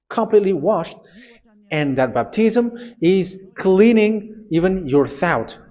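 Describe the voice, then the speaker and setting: A male preacher with a voice pitched a little high, pressing his points again and again and stumbling over restarts as he goes. The recording sounds dull and lo-fi. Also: darkish tone. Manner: insistent preaching with repetitions and hesitations. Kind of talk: sermon.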